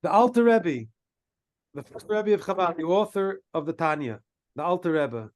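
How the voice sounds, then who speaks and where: A man, a rabbi, telling a story in a sermon, halting with many restarts and using Hebrew and Yiddish terms. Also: on the high side, lively intonation. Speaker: rabbi giving a talk.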